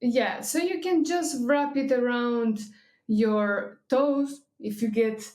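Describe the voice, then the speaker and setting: Slow, mellow-voiced woman in an echoey room. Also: a little high. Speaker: co-host of a livestream. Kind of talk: casual livestream chat.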